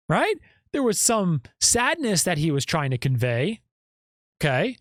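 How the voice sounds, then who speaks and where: A man's voice: high voice, no room sound. Emphatic man, dry podcast sound. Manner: emphatic, often checks in with "okay?" and "right?". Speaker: podcast host. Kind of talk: casual podcast commentary.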